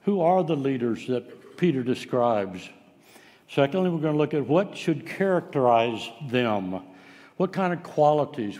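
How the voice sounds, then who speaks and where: A man's voice: medium pitch, a little mellow. Guy preaching a sermon, easygoing storyteller, lots of uhs, big church reverb. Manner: folksy storytelling, frequent "uh" fillers. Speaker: pastor.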